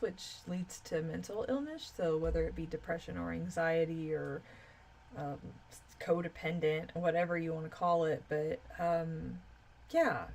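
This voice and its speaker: Tired woman streamer with vocal fry. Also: lowish voice, darkish tone, slight background noise. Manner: rambling, with frequent fillers. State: tired, yawning. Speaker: live streamer. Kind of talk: casual live stream chat.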